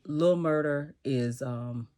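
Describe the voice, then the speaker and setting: A man casually recapping a TV episode, retelling scenes in a lively way and acting out the characters' lines. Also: on the high side, slow pace.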